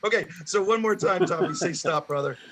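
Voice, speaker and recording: A man performing as a guest magician on a video call, cracking rambling self-deprecating jokes in excitable patter. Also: high-pitched, fairly quick, slight background noise. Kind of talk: joking comedic patter over video call.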